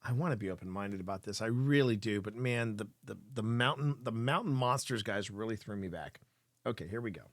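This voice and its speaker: A man hosting a live show, reacting to clips in excitable, rambling commentary full of repeated words and swearing. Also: on the low side, a little fast, no echo, clean studio sound.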